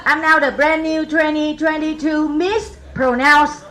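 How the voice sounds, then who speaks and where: A woman's voice: high-pitched, fairly even intonation, unhurried, noisy background. A woman from Vietnam with a Vietnamese accent doing a stand-up set of one-liners, chuckling at her own jokes. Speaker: stand-up comedian. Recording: live comedy club crowd laughter.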